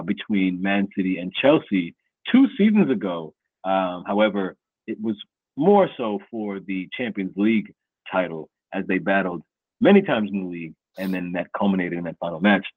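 A man with a lowish, husky voice hosts a loose football podcast. He talks in a playful, hype-man way, and the sound comes through thin and phone-like with no room echo. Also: animated, normal speed. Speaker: podcast host. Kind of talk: casual sports podcast chat.

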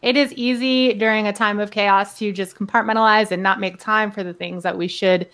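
A woman's voice: mid-range voice, steady tone, brisk, a bit bright. A woman co-hosting a podcast who speaks in an encouraging, friendly way to her guest. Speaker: podcast co-host. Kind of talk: casual podcast chat.

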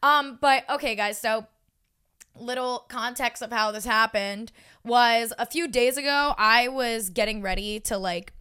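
Young woman podcast host, clear and fairly high voice, casual and profane. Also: unhurried. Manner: animated, swears freely, acts out quotes. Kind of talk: casual chat, storytelling.

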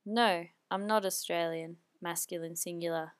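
A woman's voice: fairly low pitch, a little slow, hardly any pauses, clean tone. A woman teaching a language lesson, explaining patiently and repeating each phrase twice. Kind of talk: slow spoken language lesson.

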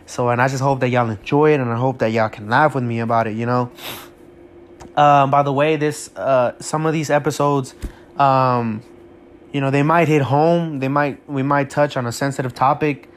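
Male podcast host, loose unscripted chat, friendly and rambling, average pitch. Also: fairly even intonation, moderate pace. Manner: rambling, hesitant, many fillers and restarts; friendly, talks straight to listeners. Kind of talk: casual solo podcast intro.

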